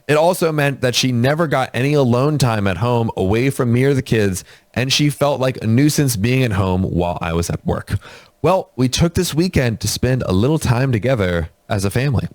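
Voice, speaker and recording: A man with a mid-pitched, very lively voice reads a post aloud and drops short remarks between passages. The sound is close and dry. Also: normal speed, no room sound. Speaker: host reading posts aloud. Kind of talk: reading a post aloud with comments.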